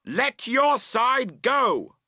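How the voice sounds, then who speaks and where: A man voicing a stubborn camper who shouts back angrily at his partner, pitched well above his narrating voice. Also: sing-song, very slow, no room sound, studio quality, exaggerated voice. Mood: angry. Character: stubborn angry man pulling the tent.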